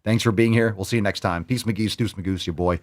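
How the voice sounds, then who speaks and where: A man's voice: on the low side, fairly quick. A man hosting a fitness vlog, joking and swearing in casual talk. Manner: profane, joking, animated. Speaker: fitness podcast host.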